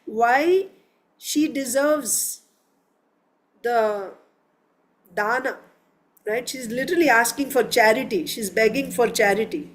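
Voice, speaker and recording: A woman's voice: a little high, slow, pauses often. A woman leading a verse-by-verse scripture class, explaining word meanings step by step and asking the class questions. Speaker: scripture teacher.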